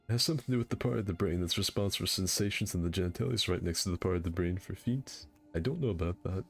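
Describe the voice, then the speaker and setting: A man's voice: low voice, very fast, breathy edge. A young man hosting a casual gaming stream, rambling through crude jokes and banter. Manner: rambling, crude joking banter with frequent laughs. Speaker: streamer hosting a game fight night.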